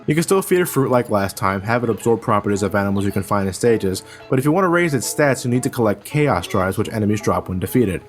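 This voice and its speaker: A man reviews a video game in a comedic voice-over, and his pitch swings widely as he rants. His talk is salty and exasperated, and it jumps into sudden shouts. Game music plays faintly under him. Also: animated, fast, few pauses.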